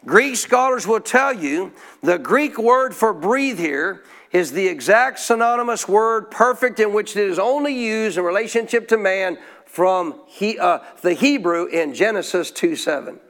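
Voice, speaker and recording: A man's voice: high voice, animated, a little slow, a bit bright. A man preaching a sermon in a church, putting questions to the congregation and drawing answers back in call-and-response. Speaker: pastor.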